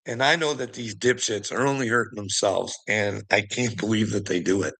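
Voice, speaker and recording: A man's voice: medium pitch, normal speed, sharp tone. A man ranting casually, profane and mocking, laughing often between lines. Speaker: online commentator. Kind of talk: casual rant.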